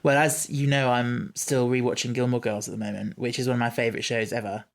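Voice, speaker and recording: A man's voice: mid-range voice, level tone, quick pace, gravelly. A man co-hosting a podcast, chatting casually and thoughtfully about a TV series, with frequent fillers and restarts. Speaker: podcast co-host. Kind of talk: casual chat reviewing a TV series.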